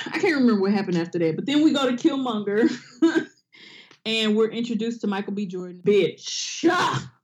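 A woman with a medium-pitched voice co-hosts a casual comedic podcast, speaking at a moderate pace with long pauses. She's animated, swears freely and acts out quotes in exaggerated voices.

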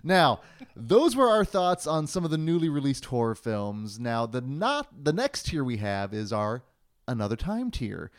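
A man hosting a podcast in a casual chat, talking in an animated, wordy way with playful puns. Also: mid-range voice, unhurried. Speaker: podcast host.

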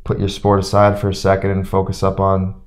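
A young man, a former hockey player, telling stories in a relaxed way as an interview guest and acting out what others said. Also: low-pitched, brisk. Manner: relaxed storyteller who acts out quotes. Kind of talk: casual storytelling interview.

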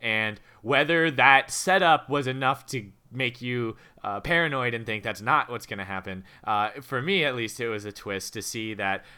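Podcast guy picking apart a movie plot, smooth bright voice, thinks out loud. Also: medium pitch. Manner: measured, analytical, some restarts. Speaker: podcast co-host. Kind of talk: casual film discussion.

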